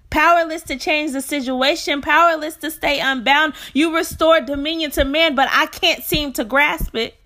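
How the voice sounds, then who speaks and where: A woman performing a spoken word poem like a prayer, impassioned, moving between hushed lines and crying out. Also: high-pitched.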